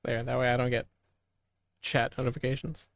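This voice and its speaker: Gravelly rambling male game streamer. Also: medium pitch, little pitch movement, normal speed, dry recording, clean studio sound. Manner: rambling, swears casually, fills dead air. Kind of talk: gameplay commentary.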